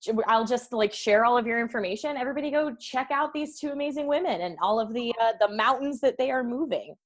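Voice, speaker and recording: Effusive higher-voiced woman podcast host. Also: quick pace. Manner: effusive, rambling, many fillers. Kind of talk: casual podcast interview.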